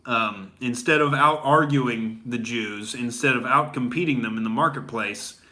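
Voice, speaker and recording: A man's voice: mid-range voice, moderate pace, pushed and bright. A young adult man doing a comedy rant as a boastful gym bro, rambling with lots of "dude" and "all right?". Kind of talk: stand-up style comedy rant.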